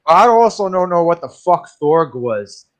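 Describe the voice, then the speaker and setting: Man co-hosting, slightly high voice, sarcastic rambling movie talk. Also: very animated, a little slow. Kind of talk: casual movie-review chat.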